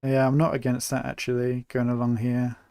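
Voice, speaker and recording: A young man from England talks through a live city-building stream in a relaxed, chatty way, thinking aloud as he builds. His voice sits at a middling pitch with a gravelly, fried edge. The sound is dry and close, with no room around it. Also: a little fast, no echo. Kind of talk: live gameplay commentary.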